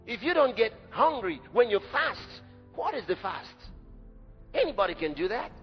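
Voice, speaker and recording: A man's voice: high-pitched, sing-song, moderate pace. A man preaching a sermon in an emphatic, dramatic way. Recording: dull echoey hall recording with faint music.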